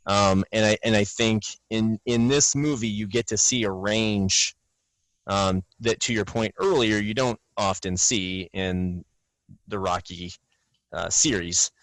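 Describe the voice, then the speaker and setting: A man's voice: on the low side, a little slow, fairly bright tone, dry recording, poor audio. A man co-hosting a film podcast, walking through scenes in an analytical, detailed way. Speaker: podcast co-host. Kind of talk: casual film discussion.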